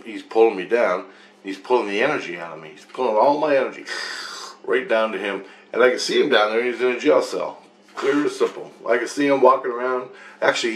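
A man telling a rambling personal account, swearing freely and repeating phrases over and over. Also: lowish voice. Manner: repetitive, profane, loops back on phrases.

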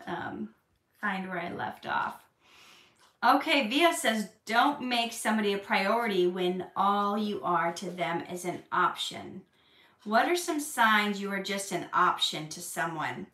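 Bright-voiced woman hosting a live Q&A. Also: mid-range voice, distant mic. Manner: earnest, preachy, animated when excited. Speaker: livestream host answering viewer questions. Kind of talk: casual live Q&A chat. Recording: roomy echo, a bit off-mic.

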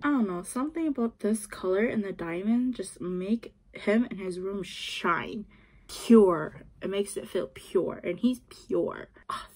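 A woman's voice: mid-range voice, a little slow, darkish tone, breathy edge. A woman chatting casually as she unboxes an album, gushing and giggling and often dropping to a whisper, recorded on a phone. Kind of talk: casual chat to camera.

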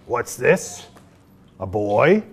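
A man voicing a grumpy, hungry old male wolf who is hard of hearing, grumbling gruffly while reading a children's storybook aloud in a library. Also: mid-range voice, big pitch swings, very slow, full character voice. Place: public library, live audience of children.

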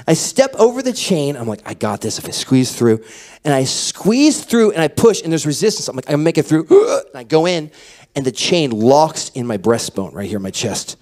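Lively, animated male pastor preaching. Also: fairly high pitch. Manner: animated storytelling, dropping to a hush then rising loud. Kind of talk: sermon. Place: church hall.

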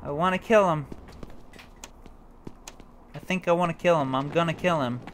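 A man's voice: a little high, moderate pace, fairly bright tone, slight background noise. A man commenting on a video game as he plays, talking to himself, swearing and yelping when startled. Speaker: gameplay commentator. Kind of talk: let's play commentary.

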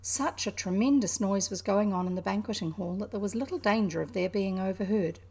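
A woman from New Zealand with a New Zealand accent, reading a classic children's novel aloud in an unhurried, expressive way. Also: mid-range voice, creaky. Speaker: reader.

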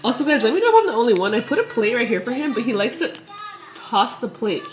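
A woman's voice: on the high side, sing-song, fast. Bubbly, chatty young woman vlogging at home. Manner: bubbly and chatty, laughing often, sprinkled with Spanish words. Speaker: family vlogger and mother. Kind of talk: casual vlog chat to camera.

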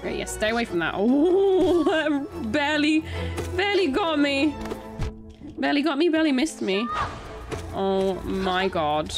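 A woman giving excited gameplay commentary, exclaiming and panicking as she plays. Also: on the high side, normal speed, pauses often. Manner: exclaiming, panicky, laughing often. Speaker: let's play streamer. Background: game music.

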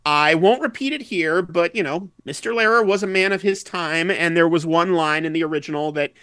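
A man chatting as a guest on a podcast, his voice sitting a little high. He jokes and wanders into quick asides. The sound is close and dry, with almost no room. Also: bright, forceful tone, smooth, no room sound. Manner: chatty, joking, quick digressions. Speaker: guest musician. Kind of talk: casual podcast chat.

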